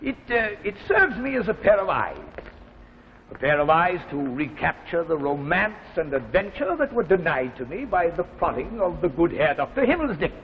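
An actor playing a genial, chuckling retired old professor with failing eyesight, in a live 1950s TV drama. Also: male voice, fairly high pitch, sing-song, moderate pace, a little hiss or hum. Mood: genial musing. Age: older. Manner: chuckling, theatrical, musing. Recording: dull 1950s TV audio in a reverberant set.

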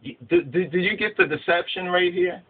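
A man's voice: high-pitched, brisk, husky. A man giving a spiritual teaching, emphatic and repetitive, asking his listeners rhetorical questions. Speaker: religious teacher. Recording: phone-like narrow sound.

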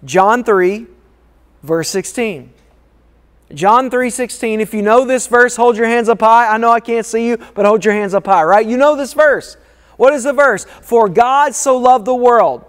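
A man's voice: very high voice, normal speed, smooth. A man preaching a sermon as a pastor, emphatic and repetitive, calling for responses from the congregation. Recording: long reverb of a large hall.

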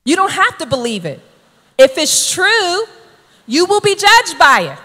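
High bright-voiced woman preaching. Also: very animated, a little slow, big-room sound. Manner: emphatic, keeps asking "right?". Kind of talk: sermon.

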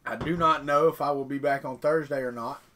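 A man's voice: medium pitch, fairly even intonation, brisk, a bit bright, a little hiss or hum. A middle-aged man, chatting casually and telling rambling folksy stories on a morning live stream. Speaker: 3D printing vlogger reading chat.

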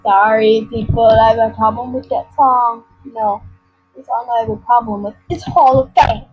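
A woman's voice: fairly high pitch, fairly even intonation, normal speed, slightly rough, dry recording. A girl talking her way through an online game in a silly, rambling way, with sudden sing-song outbursts. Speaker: gamer recording her screen. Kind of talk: casual gameplay commentary. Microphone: computer mic. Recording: lo-fi screen recording with faint game music.

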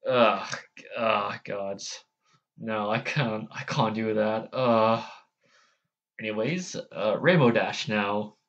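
Brief: slow-talking, self-deprecating guy vlogging, muffled lo-fi take. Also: fairly low pitch, a bit bright. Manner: hesitant, self-deprecating, full of restarts. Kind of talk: casual vlog chat.

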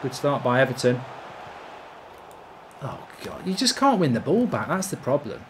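Male streamer, 30s, sweary live game commentary, animated pitch, faint hiss. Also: moderate pace. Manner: swearing, excitable outbursts. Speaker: gaming streamer.

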